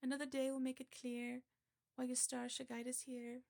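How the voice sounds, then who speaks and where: A woman's voice: sits high, level tone, moderate pace, gravelly, darkish tone. A woman putting on a Geordie accent to voice a proud young male surveyor, reciting verse in a sing-song way. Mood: hopeful. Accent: Geordie, attempted.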